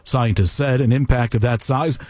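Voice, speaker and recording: A man reading a radio news report in a measured, even delivery. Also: medium pitch, no room sound.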